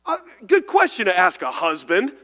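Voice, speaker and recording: Earnest pastor. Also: male voice, high-pitched, wildly swooping pitch, moderate pace, long reverb tail. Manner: earnest, repeats words, shifts between loud and hushed. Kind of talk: sermon. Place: church sanctuary.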